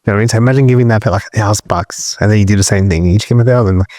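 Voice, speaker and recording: A man co-hosts a podcast, trading playful, laid-back banter. His voice is low and mellow, and the recording is dry and close. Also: racing, no echo. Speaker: podcast co-host. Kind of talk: casual podcast chat.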